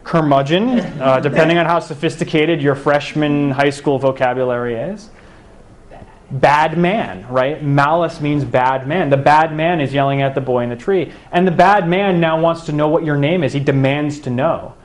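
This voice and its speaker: A man's voice: a little high, moderate pace. A young man giving a public talk to a live audience about game-based learning, speaking conversationally and putting questions to the room. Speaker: education researcher giving a talk.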